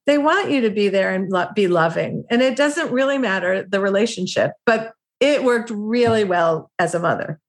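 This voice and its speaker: Reflective woman podcast host, mid pitch. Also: lively intonation, moderate pace, few pauses. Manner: reflective, conversational, many fillers like "like" and "I mean". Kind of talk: casual chat.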